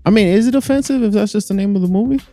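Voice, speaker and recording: A man's voice: high-pitched, rapid-fire, faint music behind. A man co-hosting a casual chat show, joking crudely and laughing often. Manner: animated, laughing, crude humor. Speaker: podcast co-host.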